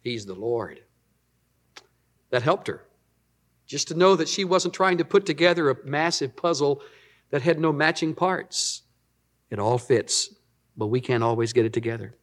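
A middle-aged man preaching a sermon as pastor, rising loud on points of emphasis. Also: medium pitch, lively intonation, unhurried, long pauses.

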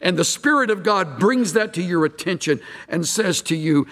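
High-voiced preacher in a reverberant hall. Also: male voice, expressive, a bit bright. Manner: earnest expository preaching, slows for emphasis. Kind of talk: sermon.

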